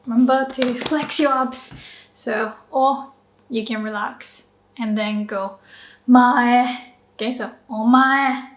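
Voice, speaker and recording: A woman with a fairly high voice leads a friendly pronunciation lesson at an unhurried pace. She drills each word with exaggerated rises and falls in pitch and laughs easily between examples. The room gives her voice a roomy echo. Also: steady tone, fairly bright tone. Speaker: Japanese language teacher.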